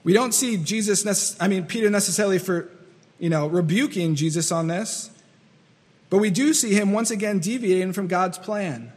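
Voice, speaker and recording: High-voiced man preaching in a reverberant hall. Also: normal speed, darkish tone, slightly rough. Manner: earnest, repetitive, acts out quoted voices. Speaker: pastor. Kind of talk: sermon.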